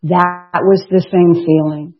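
Woman, candid testimony talk, self-mocking, husky voice, dull lo-fi recording. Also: lowish voice, fairly even intonation, slow, soft background music. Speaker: speaker sharing a recovery story. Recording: dull lo-fi sound.

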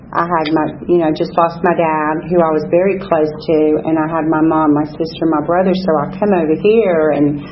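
A woman's voice: deep voice, steady tone, moderate pace, few pauses. English-born woman, fifties, Southern-tinged accent, candid testimony full of ums, dull lo-fi sound with a faint hum behind. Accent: English, softened by years in the American South. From England. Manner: candid, conversational, many ums and self-corrections. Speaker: speaker sharing her recovery story at a meeting. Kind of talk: personal testimony to a group.

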